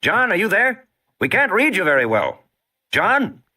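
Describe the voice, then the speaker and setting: A steady park warden, as a man puts him on, reports over a crackly jeep radio in an unhurried way. The voice sits a little higher than the narration, with a bright edge. It sounds a little distant from the microphone. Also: heavily acted. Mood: calm.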